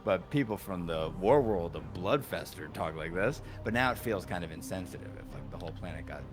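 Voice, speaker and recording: A man's voice: deep voice, animated, a little fast, music in the background. A man streaming a video game, casually joking, swearing and riffing on tangents with his co-host. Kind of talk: casual let's-play banter.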